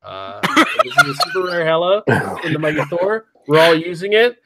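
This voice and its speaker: Higher-voiced joking male podcast host. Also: very animated, fairly quick, background noise. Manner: playful teasing, laughs at his own jokes. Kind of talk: casual podcast chat.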